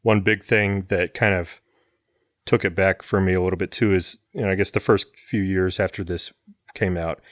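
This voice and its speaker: A man's voice: low-pitched, fairly even intonation, normal speed, fairly bright tone, dry recording, studio quality. A man on a movie podcast who talks casually, packing his speech with fillers like "like" and "you know.". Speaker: podcast co-host. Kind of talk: casual movie-review chat.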